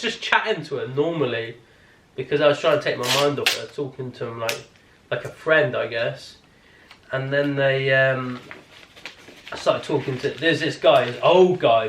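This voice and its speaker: A man's voice: mid-range voice, a bit bright, a little hiss or hum. A man spins a long, rambling tale in a casual family vlog, swearing freely and tripping over his restarts. His voice sits in a middle register and carries the echo of a room. He sounds a few steps back from the mic. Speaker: family vlogger. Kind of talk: casual storytime chat. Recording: roomy, distant-mic home recording.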